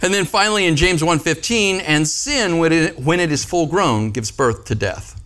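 A man's voice: on the high side, normal speed, a bit bright. A man preaching a conversational sermon as a pastor, with joking asides and frequent calls of "Amen?" and "right?" to the congregation.

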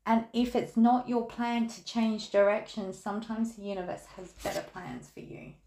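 A woman's voice: medium pitch, fairly even intonation, normal speed, mellow. An Australian woman reading tarot cards in a casual podcast, talking candidly and chatting through stories. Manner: candid, chatty storytelling with laughs. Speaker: tarot reader. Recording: echoey room.

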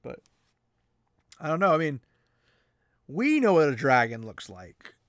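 A man hosting a podcast, chatting excitedly about a fantasy novel, laughing often and mimicking characters. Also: a little high, unhurried, dry recording, studio quality.

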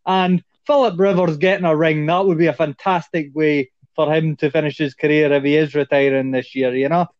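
High-voiced man giving his opinions. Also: fairly even intonation, fairly quick, no room sound. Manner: opinionated, conversational, "I reckon". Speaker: podcast guest. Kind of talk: casual sports podcast chat. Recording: dull, dry lo-fi audio.

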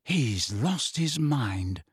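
A man voicing a blunt, excitable teenage schoolboy in an audiobook reading. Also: fairly high pitch, normal speed, no room sound, studio quality, pitched above the performer's own voice.

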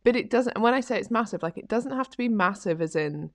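A woman's voice: a little high, animated, fast, dry recording. A woman co-hosting a fitness podcast in a casual, chatty way, leaning on "like" as she talks. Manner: chatty, repeats "like" often. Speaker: podcast co-host, fitness coach. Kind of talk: casual chat.

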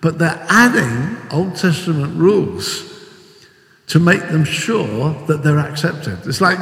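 An older man preaching a sermon with animated storytelling, acting out the voices he quotes. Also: a little high, measured pace, creaky. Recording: echoey hall with long reverb.

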